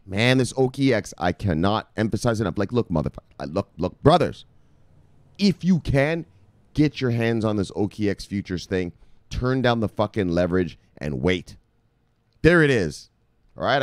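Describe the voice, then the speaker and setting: A man with a low voice that swings a lot as he talks. He hosts a crypto video in a casual hype monologue, swearing and repeating words for emphasis. The recording is close and dry. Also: a little mellow, dry recording.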